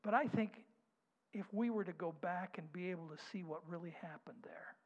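A man preaching a sermon, dropping to soft whispers and rising to loud, slow declarations. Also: sits high. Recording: dull sound with long hall reverb.

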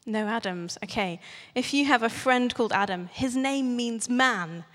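A woman's voice: a little high, unhurried, a bit bright. A young woman preaching a sermon in a church, chatty and playful, asking the congregation questions. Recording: long church reverb.

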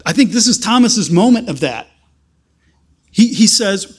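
A man preaching a sermon, earnest and halting, with frequent restarts that build to emphatic stretches. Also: high voice, animated, slightly rough.

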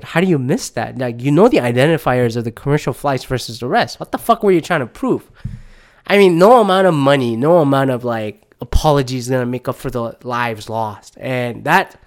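Podcast host, male, mid-pitched, smooth, clear voice; loose, profane rambling delivery, drained and under the weather. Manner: rambling rant, swears often, retells with "I go like". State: low on energy, under the weather. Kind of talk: casual solo podcast chat.

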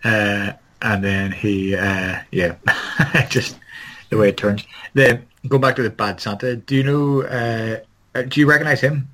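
A man's voice: lowish voice, unhurried, a bit bright, rough recording. A man in a casual film podcast chat, rambling and searching for words and swearing now and then. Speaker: podcast co-host.

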